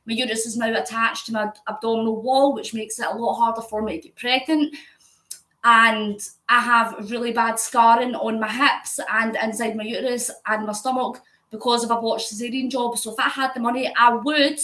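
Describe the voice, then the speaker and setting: Scottish woman reading out live comments while cycling, chatty, high voice, echoey room. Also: a bit bright. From Scotland. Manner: chatty, answers comments aloud with frequent laughs. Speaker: fundraising vlogger. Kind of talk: live stream chat reading viewer comments.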